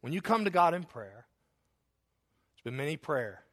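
A man's voice: fairly high pitch, very animated, normal speed, a bit bright. A man preaching a sermon as pastor, with an emphatic, repetitive cadence and earnest, personal asides to the congregation. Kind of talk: sermon with altar call.

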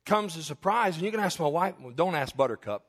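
Higher-pitched man preaching a sermon. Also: lively intonation, fast talker, fairly bright tone. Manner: confessional, humorous storytelling to a congregation. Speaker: pastor. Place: church.

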